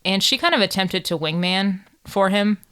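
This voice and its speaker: A woman's voice: mid-range voice, animated, normal speed, sharp tone, smooth. An American woman co-hosting a true crime podcast, telling the case in casual chat with jokes and swearing. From United States. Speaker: podcast co-host.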